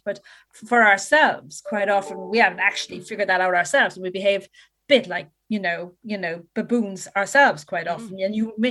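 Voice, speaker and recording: A woman's voice: mid-range voice, a bit bright. A woman interviewer with a mid-range voice speaks in a casual conversational way. She agrees with her guest and thinks aloud. Her speech is full of fillers and restarts.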